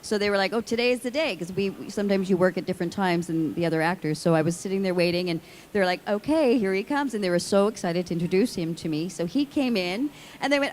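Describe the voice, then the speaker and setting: Woman, convention panelist, lively self-mocking storyteller, middle pitch, faint background noise. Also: quick pace. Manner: animated, self-mocking anecdote telling. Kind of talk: storytelling to an audience.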